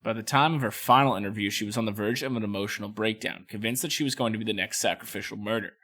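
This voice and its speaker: A man's voice: on the low side, quick pace, sharp tone. Casual male true-crime podcast host. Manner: reads case notes, then jokes and chats. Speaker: podcast co-host reading the case.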